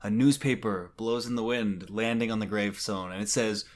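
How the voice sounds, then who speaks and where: A man co-hosting a podcast in casual chat, retelling a comic in a relaxed way and reading bits of its narration aloud. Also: fairly low pitch, normal speed. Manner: relaxed storyteller, reads out narration. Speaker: podcast co-host.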